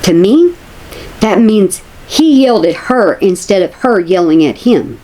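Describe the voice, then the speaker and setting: A woman's voice: medium pitch, very animated, a little slow, mellow. A woman, chatting casually to her viewers as a commentary vlogger, repeating herself for emphasis.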